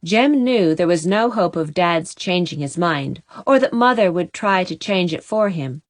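Woman audiobook narrator, steady expressive storybook reading, dry close sound. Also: on the low side, a little slow, no echo.

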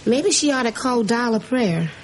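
A woman's voice: on the high side, lively intonation, normal speed, very noisy, natural voice. An actress playing a motherly woman who runs a household in a sitcom, teasing the kids with dry one-liners. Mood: wry.

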